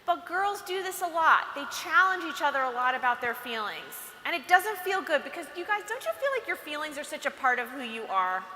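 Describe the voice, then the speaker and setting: A woman giving a chatty, animated motivational talk to teenage girls at an event, often acting out what girls say to each other. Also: high-pitched, fairly quick, hardly any pauses. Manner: chatty, animated, acts out quotes. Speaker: speaker at a girls' empowerment event. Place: event hall. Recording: roomy hall with faint ambience.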